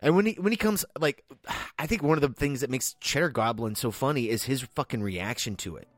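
A man on a podcast who rambles through his take on a film. He swears constantly and presses his points hard. His voice sits at an ordinary middle pitch. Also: expressive, fairly quick, dry recording. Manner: heavy swearing, emphatic and rambling. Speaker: podcast co-host. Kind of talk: casual film discussion.

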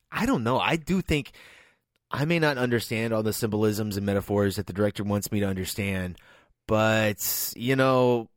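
A man's voice: fairly low pitch, dry recording, studio quality. A man co-hosting a podcast who talks through a film in a casual, rambling way, swearing heavily and getting emphatic. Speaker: podcast co-host.

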